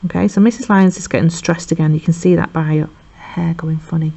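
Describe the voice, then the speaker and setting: Retelling a play for revision, a chatty woman teacher acts out characters' lines in quick voices. Her voice is low, dark and steady with vocal fry, and the recording is dull and lo-fi.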